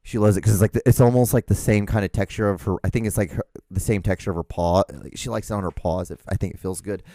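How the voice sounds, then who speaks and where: Dark-voiced man rambling casually at home. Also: on the low side, steady tone, quick pace, no room sound, clean studio sound. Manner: rambling, profane, frequent restarts and fillers; gushing affection for his dog. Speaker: podcast host.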